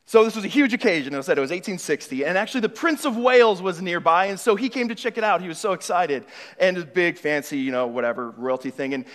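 Male pastor, high voice, sermon style, hushed questions building to loud emphatic preaching, hall reverb. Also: animated, fast. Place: church hall. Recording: long reverb of a large hall.

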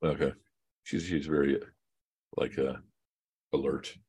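Male teacher with a deep voice, loose and joking, leads an online class. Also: a little slow, slightly rough. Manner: relaxed and joking, with chatty asides.

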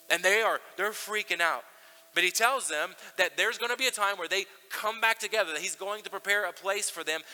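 A man's voice: high voice, pushed and bright, long reverb tail, poor audio. A man preaching a sermon to a congregation in a casual, conversational way, with fillers and restarts. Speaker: pastor.

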